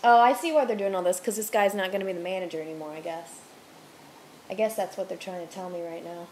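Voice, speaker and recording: A woman's voice: fairly low pitch, fast, a little mellow, a little hiss or hum. Young woman chatting and ranting casually. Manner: chatty, rambling, swears freely, rants heatedly. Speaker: vlogger, restaurant server. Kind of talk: casual chat to camera. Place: home room with TV on.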